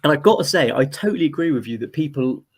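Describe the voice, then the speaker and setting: Relaxed, chatty male interview guest. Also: a little high, fast, husky. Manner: relaxed, chatty, laughs easily, says mate. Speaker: interview guest, founder of a conservation comic project. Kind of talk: casual interview chat.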